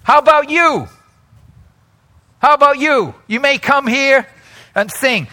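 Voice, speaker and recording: A man's voice: sits high, animated, a little slow, pushed and bright. A man preaching a sermon in a chatty way, asking the congregation questions and laughing often. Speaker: pastor.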